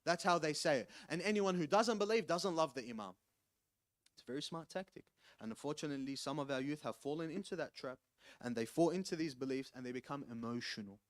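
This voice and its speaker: A male preacher delivers a mosque sermon in an ordinary mid-range voice. He presses his points emphatically, often building to loud, urgent warnings. The sound is dry and close, with little room echo. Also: medium pitch, lively intonation. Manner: ends in rapid Arabic prayer.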